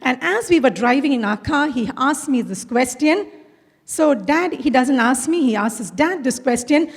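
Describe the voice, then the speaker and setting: Casting: middle-aged Indian English woman, school principal, stage storyteller, higher voice, big hall reverb. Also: animated, moderate pace, slightly rough. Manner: storytelling, acts out quoted dialogue. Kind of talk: inspirational conference talk. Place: large conference hall.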